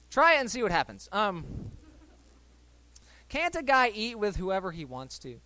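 A man's voice: high-pitched, huge pitch swings, moderate pace, pushed and bright. A man preaching a sermon, reading Bible stories and acting out the voices in them, talking to his listeners and asking them questions. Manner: conversational, asks the listeners questions. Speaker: pastor.

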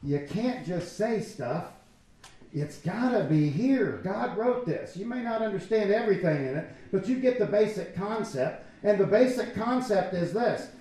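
High-voiced pastor in an echoey church. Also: male voice, unhurried. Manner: animated, conversational preaching with acted-out quotes. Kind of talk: sermon.

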